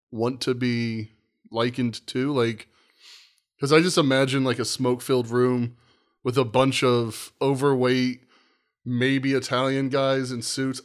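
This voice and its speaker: A man hosts a loose podcast conversation in an ordinary mid-range voice. He rambles, jokes at his own expense and keeps losing his point. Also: medium pitch. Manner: rambling, self-deprecating, loses his train of thought. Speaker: podcast host. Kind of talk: casual chat.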